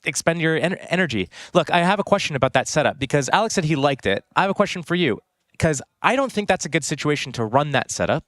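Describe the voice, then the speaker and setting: Brief: male esports analyst, slightly high voice, relaxed tactical talk, dry sound. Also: fast, no room sound. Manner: explains tactics in a relaxed, conversational way. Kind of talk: live casting banter and analysis.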